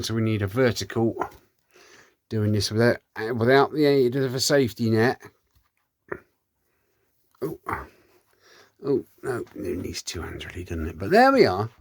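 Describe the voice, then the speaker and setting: A man, chatting casually and rambling with cheeky asides while he works in his home workshop. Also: medium pitch. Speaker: workshop vlogger. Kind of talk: casual chat while working.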